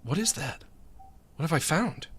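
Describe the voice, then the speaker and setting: Animated rambling male streamer. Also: on the high side, moderate pace, slightly rough. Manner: animated, laughs often, mutters to himself while playing. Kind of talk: casual rambling commentary while gaming.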